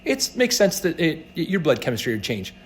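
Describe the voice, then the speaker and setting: A man, a practitioner being interviewed, telling patient stories in a casual, animated way and acting out the voices of people he quotes. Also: on the high side, brisk, slight background noise. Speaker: healthcare practitioner guest.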